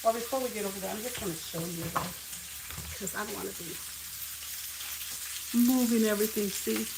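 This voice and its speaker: A woman's voice: mid-range voice, a little fast, gravelly. An older woman hosting a casual home cooking demonstration, chatting and wandering into family stories as she works. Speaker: cooking show host. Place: home kitchen. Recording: echoey kitchen, distant mic, frying noise. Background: sizzling and frying food.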